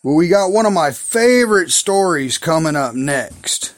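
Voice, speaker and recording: A man's voice: fairly high pitch, expressive, a little slow. A man casually retelling Bible stories in a rambling, folksy, slangy way. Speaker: Bible storyteller.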